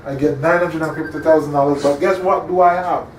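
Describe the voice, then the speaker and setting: A man's voice: fairly high pitch, steady tone, fairly quick. A male instructor giving an interactive classroom lecture, often quizzing his listeners and checking that they follow. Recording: echoey room, distant mic, faint hum.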